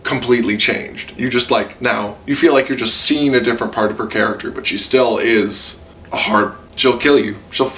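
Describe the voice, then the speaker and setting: A young man giving a casual, rambling anime review from a room at home, excitable and full of "like" and squealed impressions. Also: mid-range voice, moderate pace, slight background noise. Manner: rambling, excitable, lots of "like" and squealed quoted voices.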